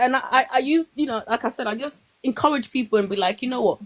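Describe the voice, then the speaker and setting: A young woman in casual conversation, telling her own stories in an animated way and acting out what other people said. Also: high-pitched, quick pace. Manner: animated storytelling, acts out quoted voices. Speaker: guest. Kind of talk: casual chat.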